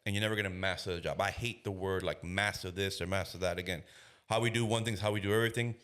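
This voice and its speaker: A man's voice: low voice, fast talker. A man in his thirties, a police officer, telling a story on a podcast in casual slang and acting out the voices of the people in it. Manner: animated storyteller who acts out quoted voices.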